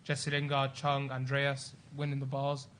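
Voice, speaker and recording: A man on a football panel giving quick, confident opinions in casual chat. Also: medium pitch, monotone, a bit bright, slight background noise.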